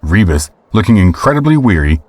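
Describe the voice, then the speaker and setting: A man narrating a scripted audio drama in a measured storytelling way. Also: sits low, very animated, darkish tone, no room sound.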